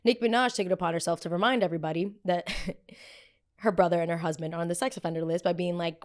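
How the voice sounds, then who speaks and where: A young woman hosting a pop culture podcast in a blunt, gossipy, animated chat style. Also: on the low side, quick pace. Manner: animated, gossipy and blunt, with frequent quoted voices. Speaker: podcast host.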